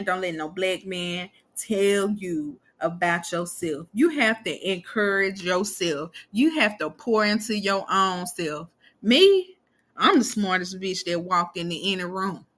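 A woman's voice: medium pitch, lively intonation, takes it slowly, a bit bright. A woman in her twenties hosting a podcast, talking straight to her listeners in a blunt, profane, emphatic monologue. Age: 20s. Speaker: podcast host.

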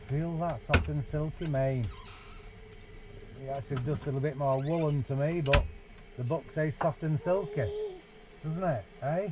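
Playful dad, higher voice. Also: male voice, unhurried, pauses often, poor audio. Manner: playful sing-song baby talk. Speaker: father reading to his baby. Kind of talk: reading a picture book aloud to a baby. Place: small holiday caravan, indoors. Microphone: 360 VR camera nearby.

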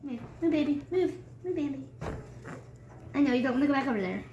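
A woman's voice: high voice, lively intonation, a little fast. A young woman vlogging casually at home while cleaning a rabbit cage, rambling and playfully scolding her pets. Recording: loud background noise.

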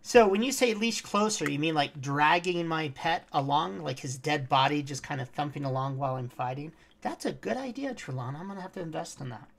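Woman streamer, low creaky voice with animated swings; chatty walkthrough commentary, sings bits. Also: fairly quick, few pauses, slight background noise. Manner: chatty, talks to her pet and chat, hums and sings snatches. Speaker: streamer playing a game. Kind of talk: casual game walkthrough commentary.

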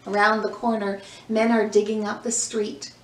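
A woman reading a picture book aloud to young children, slow and gentle, acting out the sounds, then leading breathing and movement. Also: mid-range voice, flat delivery, slight background noise. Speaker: children's yoga and mindfulness teacher. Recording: echoey room, mic at a distance, soft music.

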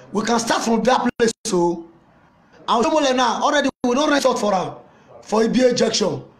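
A man with a Nigerian accent playing a loud, mocking older Nigerian mama in a comedy skit, scolding and teasing someone. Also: very high voice. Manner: taunting, scolding, laughing at the listener.

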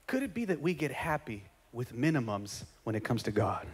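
A male pastor preaching a sermon, animated, rising to shouts at the peaks. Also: medium pitch, moderate pace, slight background noise. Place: church sanctuary. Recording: reverberant church hall.

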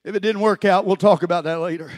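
A man preaching a sermon as pastor, often shouting, with a steady "uh" between phrases. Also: high voice, fast talker. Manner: shouting, preachy cadence with frequent "uh" fillers.

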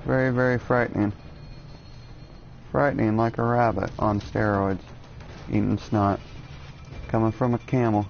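A man's voice: on the low side, flat delivery, unhurried, gravelly, long pauses, dull audio, a little hiss or hum. A man giving jokey, rambling commentary while playing a video game, cursing often and drifting into absurd tangents. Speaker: let's play gamer.

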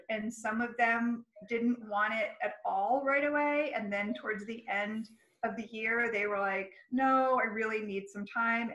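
A woman school counselor chats casually about her work in an interview, friendly and quick to laugh. Her voice is a little high and a bit bright, heard in a roomy, rough recording.

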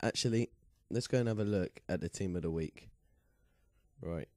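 A young man hosting casual gameplay commentary with a lingering cough, chatty and quick to get excited. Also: low-pitched, no echo, studio quality. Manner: chatty, excitable when reacting. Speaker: gaming channel host.

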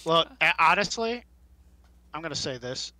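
A man's voice: fairly high pitch, lively intonation, normal speed, sharp tone, no room sound. A man co-hosting a podcast, chatting casually and joking in profane, mock-angry rants. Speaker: podcast co-host. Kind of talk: casual chat recapping wrestling.

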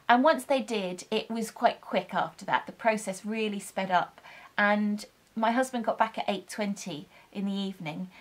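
A young woman telling a personal story in an earnest, gentle way. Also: medium pitch. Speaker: vlogger telling her birth story.

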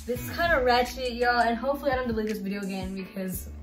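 A woman with a slightly high voice chats her way through a casual phone-tour vlog. She rambles loosely from one thing to the next, dropping "like" and "y'all" constantly. The room around her has a noticeable echo. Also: fast, distant mic, music in the background. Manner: chatty and rambling, full of "like" and "y'all". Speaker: YouTuber. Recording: roomy echo.

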